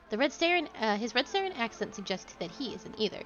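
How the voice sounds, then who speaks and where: A woman's voice: medium pitch, lively intonation, fast talker, fairly bright tone, dull audio, faint music behind. A young woman streaming a role-playing game, reading its text aloud in a casual way with giggly asides. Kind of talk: casual gameplay narration.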